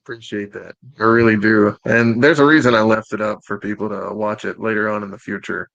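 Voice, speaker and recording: A man's voice: on the low side, steady tone, a little fast, gravelly, a bit bright, no echo, highs cut off. Laid-back man hosting a podcast. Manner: casual, laid-back, uses dude. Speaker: podcast host. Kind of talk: casual interview chat.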